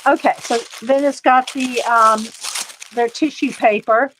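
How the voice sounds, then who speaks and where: A woman's voice: on the high side, fairly even intonation, a little slow, noisy background. A woman casually chatting through an art supply haul, rambling, reading viewer comments aloud and laughing a little. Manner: frequent fillers and little laughs. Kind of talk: casual live-stream chat.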